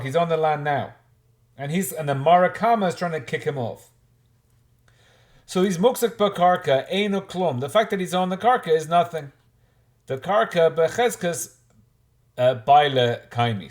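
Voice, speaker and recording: A man's voice: a little high, a little mellow. Man teaching Talmud, thinking aloud. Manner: thinks aloud with frequent restarts, mixes Hebrew-Aramaic terms into explanations. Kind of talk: informal Talmud class.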